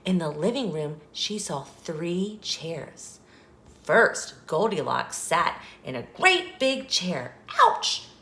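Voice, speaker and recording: Woman reading a kids' picture book aloud; slow, lively, expressive; roomy sound. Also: fairly low pitch. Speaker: children's story reader and host. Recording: echoey room.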